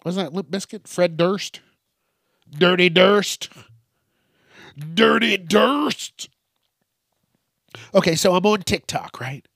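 Slow-talking man rambling on his podcast. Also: mid-range voice, a bit bright, no echo, clean studio sound. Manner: loose, profane, rambling, self-amused. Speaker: podcast host. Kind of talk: solo comedic podcast rambling.

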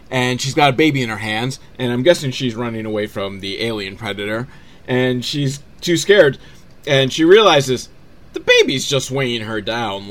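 A man recapping a low-budget movie in a sarcastic, rambling way, acting out the characters' lines. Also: a bit bright. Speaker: movie riffing host.

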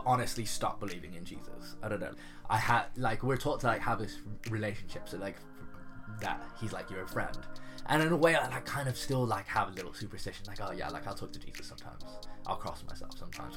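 A young man chats casually as an interview guest, sharing his story, laughing as he talks and using "like" constantly. His voice is medium pitched and a bit bright.

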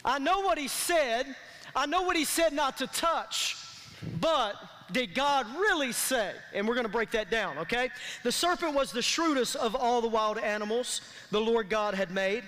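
A man's voice: very high voice, animated, normal speed, sharp tone. A man preaching a sermon as pastor, calling out to his congregation for responses. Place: church sanctuary. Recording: long reverb of a large hall.

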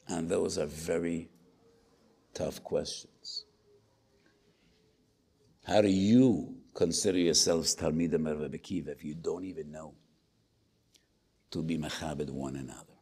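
A man's voice: deep voice, dark tone, breathy edge. An older man with an Israeli accent giving a Torah lecture to a congregation, telling a story and building to emphatic rhetorical questions.

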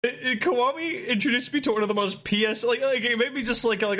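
A man's voice: high voice, a little fast, few pauses, sharp tone. A man chatting casually on a podcast, rambling, laughing often and swearing freely. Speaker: podcast co-host. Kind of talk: casual chat.

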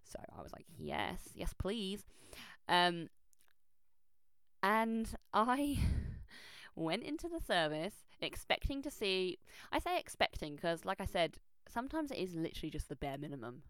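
A young woman telling a personal story in a chatty, animated way, full of fillers and restarts. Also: lowish voice, unhurried, smooth, no room sound. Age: young adult. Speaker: vlogger. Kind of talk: casual storytelling. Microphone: close microphone.

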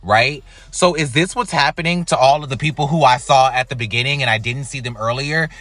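An American man giving casual, chatty reaction commentary on a reality show, with animated, incredulous asides. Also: mid-range voice, fairly quick, dry recording, soft background music. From United States.

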